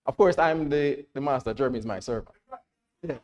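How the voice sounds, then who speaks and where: A Jamaican man preaching a sermon to a congregation in church, checking that everyone follows and rising to loud, emphatic declarations. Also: mid-range voice, a little fast.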